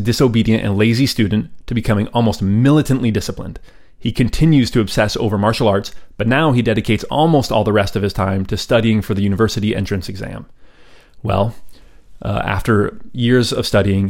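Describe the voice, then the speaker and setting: A man's voice: on the low side, darkish tone. A man hosting a history podcast, telling the story in a casual, conversational way with frequent ums and side remarks.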